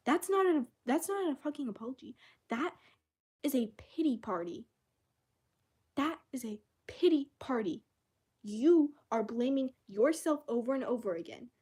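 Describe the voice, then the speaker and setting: A fed-up young woman rants in a casual vlog, swearing and exasperated. Her voice sits a touch high, and she talks slowly, leaning on her words. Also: animated, a little mellow, slightly rough. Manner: angry, profane, exasperated.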